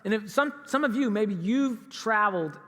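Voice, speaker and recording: A man's voice: high voice, lively intonation, moderate pace, sharp tone. A man telling a story in a sermon as a pastor, acting out both sides of a conversation. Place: church sanctuary. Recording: church hall reverb.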